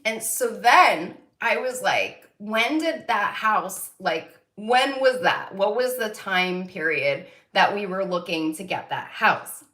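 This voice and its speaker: A woman's voice: medium pitch, animated, takes it slowly, few pauses, fairly bright tone, reverberant. A woman hosting her own psychic channel, rambling through a personal story with lots of fillers and the odd swear word, getting emotional and near tears. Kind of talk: casual spiritual monologue to viewers.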